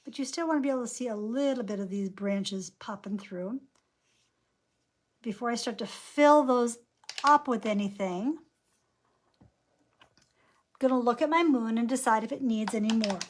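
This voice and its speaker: A woman's voice: a little high, moderate pace, pauses often, a little hiss or hum. Chatty woman narrating a painting lesson. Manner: chatty, narrates each brushstroke aloud. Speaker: painting instructor.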